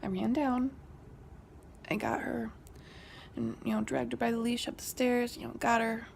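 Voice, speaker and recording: Hushed, gravelly young woman vlogger. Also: fairly high pitch, level tone, normal speed, a little hiss or hum. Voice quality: gravelly fry. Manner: whispery, hushed retelling that rises when quoting an argument. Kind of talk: casual storytelling.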